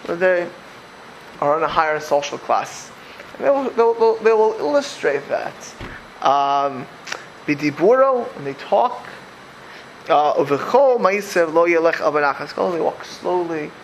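A man teaching a Torah class, animated, with many restarts and repeated words. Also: fairly high pitch, a little slow, muffled recording, slight background noise. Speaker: religious teacher.

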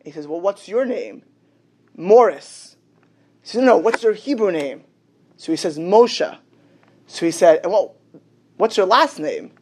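A man's voice: sits high, unhurried, long pauses. Man telling a story in a sermon. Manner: animated storyteller, acts out the dialogue. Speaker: rabbi.

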